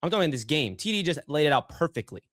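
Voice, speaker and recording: A man's voice: on the high side, quick pace, dry recording, clean studio sound. A man on a sports panel arguing his football takes, mocking and pushy. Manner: argumentative, mocking, animated. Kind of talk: heated sports debate.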